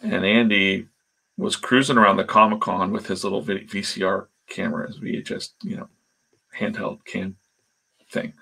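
Casting: man, low gravelly husky voice, rambling anecdotal storyteller on a live stream. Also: level tone, normal speed, sharp tone. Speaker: comic artist streaming live. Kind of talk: casual storytelling while drawing.

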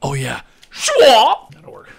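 A man casually commentating a video game, joking, excitable and often laughing. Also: medium pitch, brisk. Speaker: gameplay commentator. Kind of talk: casual let's-play commentary.

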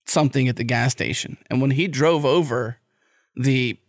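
A man co-hosting a podcast, telling stories in an animated way and laughing often. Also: mid-range voice, normal speed, no echo, studio quality. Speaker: podcast host. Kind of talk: casual storytelling chat.

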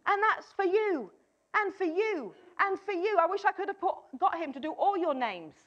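A woman's voice: very high-pitched, lively intonation, moderate pace, muffled recording. A woman preaching a sermon, emphatic, often repeating her key phrases and acting out a doubter's replies.

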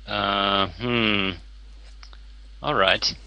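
A man's voice: fairly low pitch, fairly even intonation, very slow, sharp tone, clean tone, dull audio. A man chatting casually while playing a game, playful and fond of putting on accents. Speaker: game player. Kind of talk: casual gameplay chat.

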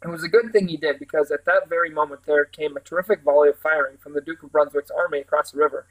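Reading a storybook aloud, a man with a fairly high voice for a man keeps a quick, steady, animated delivery, with a few small restarts. The audio quality is poor.

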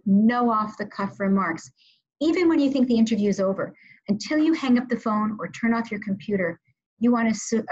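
Woman giving a breathy, lo-fi webinar talk. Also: medium pitch. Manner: instructive, measured, with frequent ums. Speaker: webinar presenter, media trainer. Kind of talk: webinar presentation with slides.

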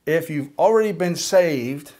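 Slow, deliberate older preacher man. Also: a little high, expressive, darkish tone. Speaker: pastor. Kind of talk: sermon with prayer.

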